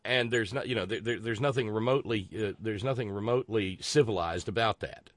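A man's voice: fairly low pitch, brisk, no echo. A man hosting a casual political talk show, rambling and sarcastic, with many restarts. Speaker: host.

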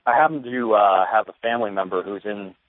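Nervous male caller, lower voice, dry tinny phone line. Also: expressive, fairly quick, no echo. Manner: nervous, many fillers. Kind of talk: phone-in call.

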